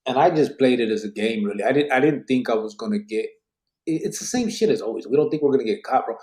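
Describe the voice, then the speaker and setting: A middle-aged man hosting a podcast, telling stories in a casual, animated way with street slang and swearing. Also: medium pitch, fast, roomy sound. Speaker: podcast host.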